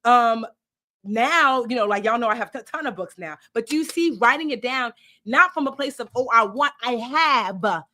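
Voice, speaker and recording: A woman hosting a live online workshop as a life coach, animated and emphatic, with preachy repetition. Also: on the high side, normal speed.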